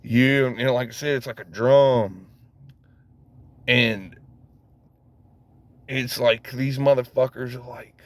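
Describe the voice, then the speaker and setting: A man's voice: mid-range voice, lively intonation, a little slow. A man ranting casually to camera, rambling, swearing heavily and laughing at himself as he goes. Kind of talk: casual profane rant.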